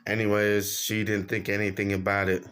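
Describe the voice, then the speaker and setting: A man's voice: lowish voice, completely flat delivery, normal speed, a bit bright, clear, resonant tone, faint music behind. Laid-back young man telling a story. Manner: laid-back slangy, laughs while telling. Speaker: vlogger. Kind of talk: casual storytelling.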